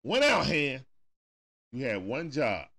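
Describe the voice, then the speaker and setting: Lively Southern man calling a game live. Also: mid-range voice, slow pace, creaky. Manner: talks straight at the players, coaching and groaning; folksy Southern turns of phrase. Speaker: watch-party stream host. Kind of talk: casual live play-by-play commentary.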